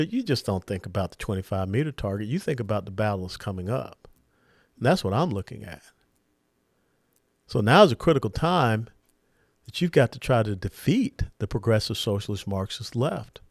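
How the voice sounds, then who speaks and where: A man's voice: medium pitch, no room sound. Emphatic male political commentator, dry sound. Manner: emphatic, punchy, rising to sharp stresses. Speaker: political commentator hosting a monologue. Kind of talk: political monologue.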